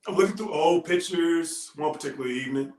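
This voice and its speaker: A man giving a heartfelt motivational talk, telling a personal story with earnest, dramatic pauses. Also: a little high, darkish tone. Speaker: motivational speaker. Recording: roomy echo.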